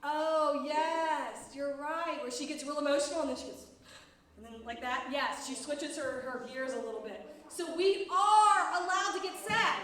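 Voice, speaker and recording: A woman's voice: high voice, fairly bright tone. A woman teaching an interactive Bible lesson to children, reading dramatically and asking the kids questions. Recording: echoey room, mic at a distance.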